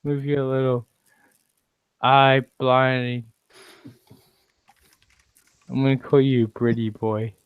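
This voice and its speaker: A man's voice: mid-range voice, completely flat delivery, slow pace, pauses often, smooth, dry recording, narrow, tinny audio. A man chatting casually on an online call, brash and teasing, swearing freely. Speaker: hangout participant.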